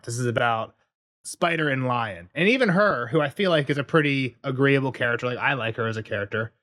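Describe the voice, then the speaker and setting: A man's voice: medium pitch, a bit bright. A man co-hosting a podcast, chatting casually about a book with rambling asides and frequent laughter. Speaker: podcast co-host.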